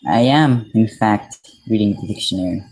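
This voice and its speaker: Mellow-voiced man reading a dictionary aloud. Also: on the low side, moderate pace, low-quality recording. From Mexico. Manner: reads definitions aloud, breaking off to chat casually with viewers. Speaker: streamer.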